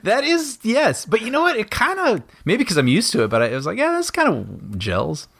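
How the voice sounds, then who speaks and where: Animated man chatting movie commentary. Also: high voice, fast, dry recording, clean studio sound. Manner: animated, laughs often, trails off mid-sentence. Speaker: podcast co-host.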